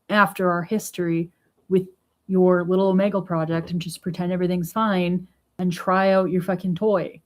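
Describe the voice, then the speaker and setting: A woman's voice: fairly low pitch, flat delivery, moderate pace. A woman recording a casual diary vlog at home, talking bluntly and with swearing as she retells a chat and vents about it. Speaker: vlogger. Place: at home indoors.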